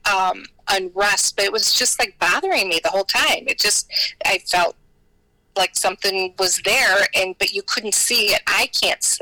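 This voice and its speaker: A woman's voice: mid-range voice, sharp tone, dry recording, poor audio. An American woman, a podcast guest, telling her stories in a chatty, rambling way full of fillers and restarts. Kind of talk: casual storytelling in an interview.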